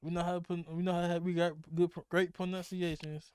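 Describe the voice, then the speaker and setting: A young man from Mississippi with a country accent, rattling off his thoughts quickly in a casual podcast chat. His voice sits fairly high and sounds clean and resonant. The recording is dry and close, with no room sound. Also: little pitch movement, darkish tone, clear, resonant tone, no room sound. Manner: fast-talking, laughs often, profane. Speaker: podcast host.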